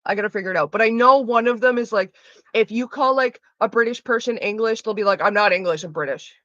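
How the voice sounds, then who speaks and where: Girl streaming, bright voice, dry dull lo-fi mic, rambly and full of likes. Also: fairly high pitch, fast, dry recording. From Canada. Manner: rambling, lots of "like" fillers. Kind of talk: casual chat with viewers.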